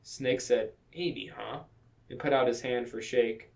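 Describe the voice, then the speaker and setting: A man co-hosting a comedy podcast, reading a badly written fanfiction aloud in a deadpan voice that keeps breaking into laughter. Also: medium pitch, normal speed.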